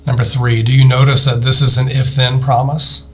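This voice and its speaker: A man delivering a sermon as a pastor, earnest, asking listeners questions and slowing down to read scripture aloud. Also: mid-range voice, little pitch movement, soft background music. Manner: earnest preaching, rising emphasis, slowed scripture reading; addresses listeners directly with questions.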